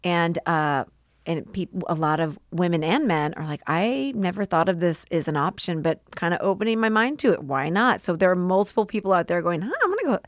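A woman's voice: lowish voice, lively intonation, fairly quick, no room sound, studio quality. A woman speaking as a podcast guest, heartfelt and open, sometimes tearful and often laughing as she talks. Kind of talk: emotional interview conversation.

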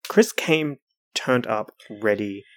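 Low-voiced woman recapping a reality show. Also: lively intonation, takes it slowly, no room sound, studio quality. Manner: laughing, mocking impressions of show figures. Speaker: podcast co-host. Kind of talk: casual recap chat.

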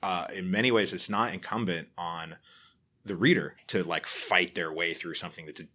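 A man talking in a relaxed interview, telling stories with lively acted-out reactions and frequent laughs. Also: low voice, moderate pace. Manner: animated storyteller, acts out quoted reactions, laughs often. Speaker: podcaster guest. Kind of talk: casual interview chat.

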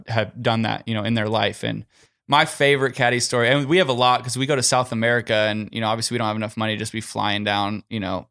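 A man's voice: lowish voice, fairly bright tone. A young man, a pro golfer and podcast guest, telling a story in a casual, rambling way, packed with "like" and "you know".

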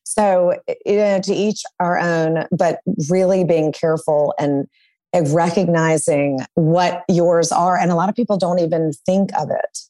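A woman's voice: fairly low pitch, fairly even intonation, measured pace, mellow, dry recording. A woman appearing as a divorce attorney guest on a podcast, talking in a reflective, candid way. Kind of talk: conversational interview.

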